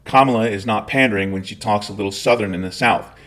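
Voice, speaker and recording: A military veteran from Scotland hosting a scripted commentary rant, blunt, profane and lecturing in tone. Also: male voice, lowish voice, fast talker, fairly bright tone.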